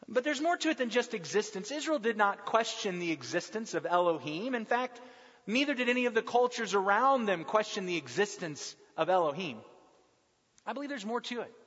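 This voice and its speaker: High male voice, earnest sermon, emphatic pauses, long hall reverb. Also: sing-song, a bit bright, breathy edge, highs cut off. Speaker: preacher.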